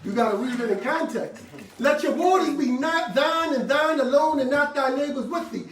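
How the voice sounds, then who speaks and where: A man preaching a sermon to a congregation, in call-and-response style with sudden shouted bursts and casual slangy asides. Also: very high-pitched, lively intonation, brisk. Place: worship room with congregation. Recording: echoey room, mic far off, faint noise.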